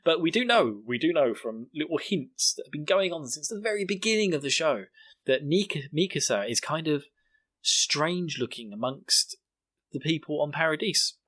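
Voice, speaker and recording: A young man with a British accent riffs through a casual podcast recap, teasing and joking. His voice swings widely in pitch whenever he acts out lines. The sound is dry and close, with no room around it. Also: expressive, normal speed, a bit bright, dry recording. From Britain. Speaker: podcast host. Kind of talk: solo recap podcast chat.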